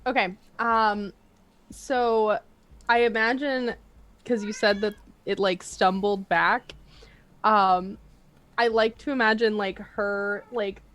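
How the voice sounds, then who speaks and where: Slow-talking woman player. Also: medium pitch, steady tone, a bit bright. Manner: hesitant, lots of likes. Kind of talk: tabletop role-play.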